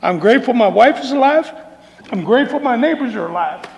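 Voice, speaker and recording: Gravelly, emotional man in a hall. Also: very high-pitched, animated, fairly quick. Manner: emotional, folksy, repeats phrases, says y'all. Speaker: public commenter. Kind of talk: emotional public comment. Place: council chamber. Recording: long hall reverb.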